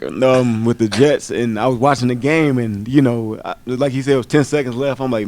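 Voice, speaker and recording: A man in his twenties with a mid-range voice tells a casual story to a panel audience. He is animated and laughs as he talks. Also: mid-range voice, moderate pace. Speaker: former college football player on a panel.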